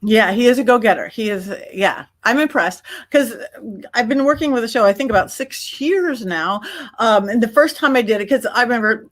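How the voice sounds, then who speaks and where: A woman guest on a podcast, telling a story in a lively, casual way and acting out her own quotes. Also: a little high, normal speed. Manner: animated, acts out her own quotes, many restarts. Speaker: podcast guest, psychic medium.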